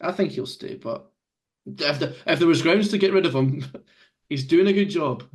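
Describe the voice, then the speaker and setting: A man's voice: on the high side, moderate pace. A man hosting a casual football podcast, joking around and steering the talk with questions. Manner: jokey, leads the discussion with questions. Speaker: podcast host.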